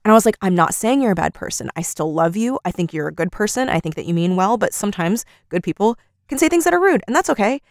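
Animated woman retelling a story. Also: medium pitch, fast, few pauses, dry recording, clean studio sound. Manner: animated storyteller, acts out quoted lines. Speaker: podcast co-host. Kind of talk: casual chat, retelling an argument.

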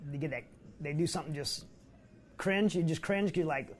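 A man with a fairly high voice talks fast as an interview host. He strings his questions together loosely, looping back with fillers. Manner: rambling, quick questions with fillers. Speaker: podcast host. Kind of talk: casual interview chat.

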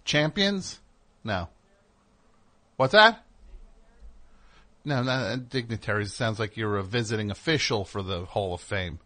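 A man's voice: lowish voice, expressive, a little slow, pauses often, sharp tone. A man hosting a comedic talk show, riffing in a rambling, sarcastic way with plenty of fillers. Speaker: host.

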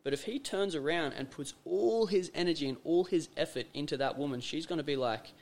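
A man's voice: fairly high pitch, brisk. An Australian man hosting a casual podcast conversation, talking emphatically, repeating phrases for effect and acting out little scenes. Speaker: podcast host.

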